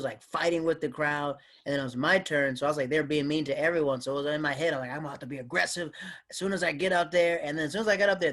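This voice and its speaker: A man's voice: on the high side, fairly bright tone. A man, a guest comedian, telling stories in a casual podcast chat and acting out other people's voices. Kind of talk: casual storytelling in a podcast interview.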